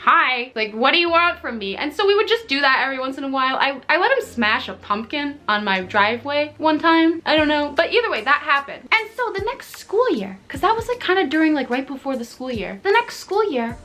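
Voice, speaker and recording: A young woman with a high, bright voice tells a story in a casual vlog. She is chatty and animated, says "like" constantly, and swears with exaggerated indignation. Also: fairly quick, few pauses. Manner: chatty, animated, frequent "like" and laughs. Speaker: streamer and YouTuber.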